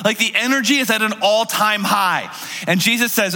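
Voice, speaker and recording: Mężczyzna, pastor wygłaszający kazanie w żywym, gawędziarskim stylu, nagrany z długim pogłosem dużej sali. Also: male voice, high voice, moderate pace, in a large hall. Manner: lively conversational storytelling with acted-out quotes. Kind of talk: sermon.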